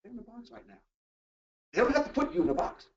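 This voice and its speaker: A man presenting a motivational workplace talk, animated and full of rhetorical questions. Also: very high voice, fast talker, vocal fry. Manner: animated, acts out quoted voices and asks rhetorical questions. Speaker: workshop presenter. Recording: echoey room, distant mic, dull lo-fi sound.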